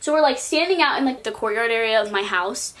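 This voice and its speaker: A California teen girl vlogger chats to her camera, telling a story in a casual, fast, expressive way. Her bright voice runs a little high, and "like" turns up in almost every sentence.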